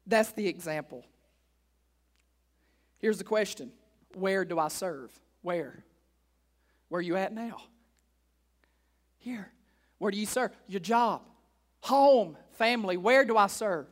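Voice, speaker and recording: A man with a rather high-pitched voice preaches to his congregation in church. He repeats his main points and asks the room question after question. His delivery moves between quiet, conversational asides and loud, emphatic calls. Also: takes it slowly, pauses often. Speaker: pastor. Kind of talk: sermon.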